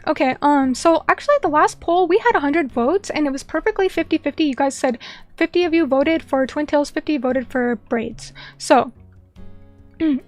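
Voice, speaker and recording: A young woman streamer chatting casually with viewers, rambling with many fillers and quick apologies. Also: sits high. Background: faint background music.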